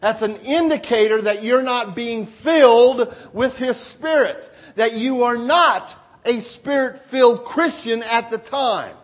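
A man preaching a sermon with emphatic, repeated phrases, swinging from loud exclamations to hushed asides. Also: extremely high pitch, a little slow, few pauses, lo-fi sound.

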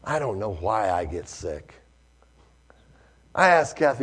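A male preacher, telling a story in a sermon, swinging from hushed to loud. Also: on the low side, big pitch swings, slow, long pauses, husky.

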